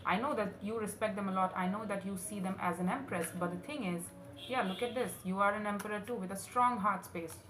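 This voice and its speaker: A woman's voice: mid-range voice, steady tone, a little fast, a bit bright, faint music behind. A woman doing a tarot reading for her viewers, earnest and emotional, calling the listener honey. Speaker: tarot reader. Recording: roomy echo, faint room noise.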